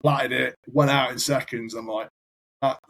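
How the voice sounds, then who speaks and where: A man's voice: medium pitch, fairly even intonation, moderate pace, vocal fry, fairly bright tone, low-quality recording. A man, a firefighter guest on a podcast, telling long rambling anecdotes in casual chat. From United Kingdom. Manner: rambling anecdotal storyteller, repeats words.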